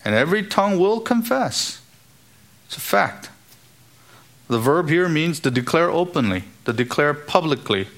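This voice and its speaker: A man's voice: on the high side, big pitch swings, moderate pace, a bit bright. A man preaching an expository sermon in an earnest, emphatic way, now and then acting out the voices he quotes.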